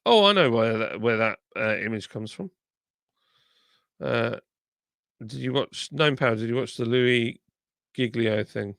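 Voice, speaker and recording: A man's voice: mid-range voice, animated, a little slow, vocal fry, long pauses, a bit bright, dry recording, clean studio sound. A man hosting a live stream, chatting casually and reading viewer comments aloud while nursing a sore tongue. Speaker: livestream host.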